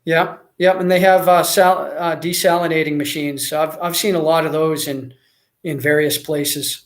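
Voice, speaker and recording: Reading viewer comments on a casual livestream, an American man based in Mexico rambles along with plenty of fillers and restarts. His fairly high voice holds a fairly even intonation at a moderate pace.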